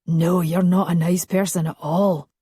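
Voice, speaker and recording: A woman voicing a teasing, lustful Scottish laird in a romance audiobook, speaking in a low murmur. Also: flat delivery, a little slow, dark tone, slightly rough, no room sound, studio quality. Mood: teasing, tender.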